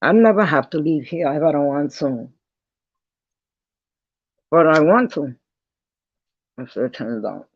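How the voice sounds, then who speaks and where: A woman's voice: low voice, a little slow, long pauses, slightly rough, dry recording, lo-fi sound. Blunt, profane woman telling a story. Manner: blunt, profane, animated retelling. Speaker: vlogger. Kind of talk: casual storytelling.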